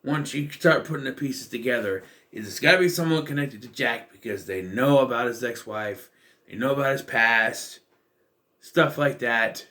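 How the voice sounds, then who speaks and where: Male film vlogger, mid-pitched, casual and rambling, dry sarcastic asides. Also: moderate pace, bright, forceful tone. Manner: rambling, with many fillers and restarts; wry, sarcastic. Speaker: movie reviewer. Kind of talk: casual spoken film review.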